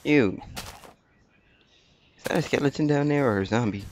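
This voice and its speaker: A young man with a cracking voice giving casual, excitable let's-play commentary, talking back to animals and swearing often. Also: mid-range voice, normal speed, heavy background noise. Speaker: gameplay commentator. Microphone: laptop.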